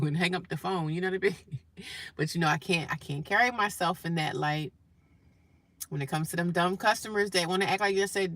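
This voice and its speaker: A New Jersey woman vlogger with a lowish, gravelly voice tells a blunt, profane story about a rude customer in a pushed, bright tone. She laughs often and mimics callers in exaggerated voices during this casual storytelling rant. The recording is dry.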